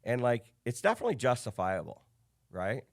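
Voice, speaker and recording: A man's voice: mid-range voice, brisk. A man in his thirties from the Chicago area, a business coach telling stories as a guest in a casual podcast interview, acting out the dialogue he quotes. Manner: animated storyteller, acts out quoted dialogue.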